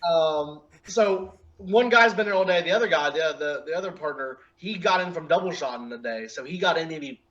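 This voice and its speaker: A man tells a story in loose, casual chat, laughing as he goes and acting out what people said. His voice sits a little high. The recording is dull and lo-fi. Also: moderate pace, few pauses. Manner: animated anecdote with laughs and acted-out quotes. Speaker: guest wrestler.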